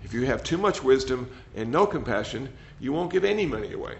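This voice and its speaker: A man's voice: medium pitch, expressive, fairly quick, vocal fry. Older man giving a rambling dharma talk. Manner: gentle, rambling, repeats words. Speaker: meditation teacher. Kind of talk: dharma talk with audience questions. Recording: slightly dull sound, faint noise.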